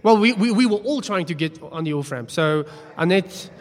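A man's voice: high voice, lively intonation, moderate pace. A man preaching a sermon, telling a story in a chatty, self-deprecating way. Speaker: pastor. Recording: long hall reverb.

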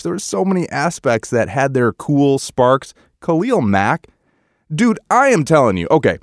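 A man co-hosting a casual sports chat, excitable and swinging between frustration and hype as he recaps a game. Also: mid-range voice, no room sound, clean studio sound. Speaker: sports podcast co-host.

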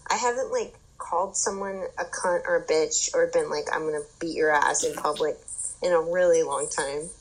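A young adult woman telling an animated story in casual chat, with lots of fillers and swearing. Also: low voice, moderate pace, poor audio.

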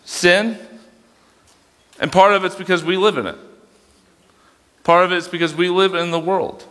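A man's voice: sits high, fairly even intonation, a little slow, a bit bright, long reverb tail. A young man preaching a sermon as youth pastor, casual and conversational, with fillers and self-corrections. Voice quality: dyslexic, struggles reading aloud.

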